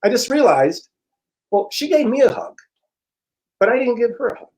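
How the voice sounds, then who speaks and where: A middle-aged man, an interview guest and personal growth teacher, telling a story in a frank, profane, animated way and acting out the dialogue. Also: very high voice, moderate pace, rough recording. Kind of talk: casual storytelling.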